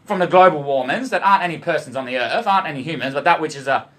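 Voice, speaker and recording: A man's voice: fairly high pitch, expressive, racing, a bit bright. An Australian man rambling to camera, swearing constantly and spinning loose wordplay about emotion and love, often calling out to "boys". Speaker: vlogger.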